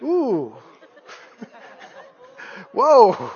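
High-voiced animated preacher in a hall. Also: male voice, a little slow. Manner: animated preaching, acting out Bible dialogue, chuckling. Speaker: pastor. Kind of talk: sermon. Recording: dull sound with long hall reverb.

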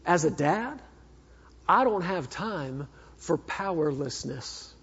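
A man preaching a sermon as a minister, telling a personal story in an earnest way that swings between fervent and hushed. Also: a little high, expressive, slow pace, slightly rough. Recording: echoey hall, dull sound.

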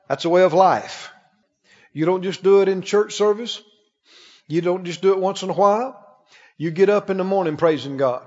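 A man preaching a sermon, reading scripture slowly and breaking into playful acted asides. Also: high-pitched, darkish tone. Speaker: pastor. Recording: muffled recording with long hall reverb.

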